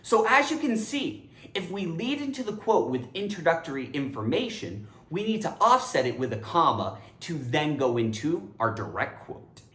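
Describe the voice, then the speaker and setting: A woman's voice: deep voice, sing-song, normal speed, fairly bright tone. A woman teaching English grammar, upbeat and emphatic in a teacherly way. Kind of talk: educational explainer. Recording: echoey room.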